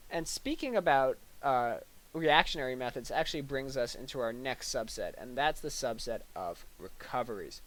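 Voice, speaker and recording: A young man giving a deadpan parody lecture, halting and full of fillers, with mock-serious delivery and little acted-out asides. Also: medium pitch, low-quality recording.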